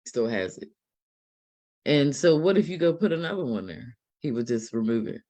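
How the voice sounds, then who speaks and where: A man hosts a live stream conversation with a mid-range voice. He pauses often and fills gaps with "um" as he sums up and asks questions. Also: mid-range voice, big pitch swings, darkish tone. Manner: hesitant, many fillers. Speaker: host.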